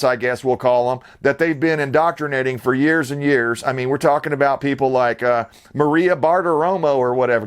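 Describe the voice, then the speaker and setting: A man hosting his own channel, talking straight to camera from his suburban home in a blunt, rambling, heated way. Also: on the high side. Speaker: channel host. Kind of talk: casual to-camera commentary.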